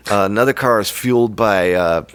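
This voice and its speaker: A man's voice: on the low side, a little fast, a bit bright, clear, resonant tone, dry recording. A man co-hosting a podcast, chatting casually in a rambling, jokey way. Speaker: podcast co-host. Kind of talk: casual chat.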